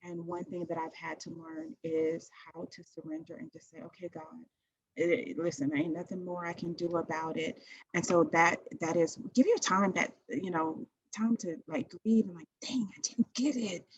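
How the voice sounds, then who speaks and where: A husky, low-pitched woman talks as a podcast guest who runs a small business. She speaks in an emphatic, motivational way, repeating words to drive her point home. The sound is dry and close. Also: steady tone, moderate pace, no room sound, poor audio. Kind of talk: casual chat.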